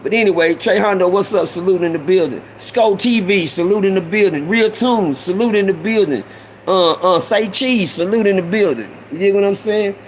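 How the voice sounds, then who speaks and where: A man hosting a casual storytelling stream, slangy, with repeated asides and shout-outs to viewers. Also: sits high, moderate pace, slight background noise, poor audio. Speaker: host.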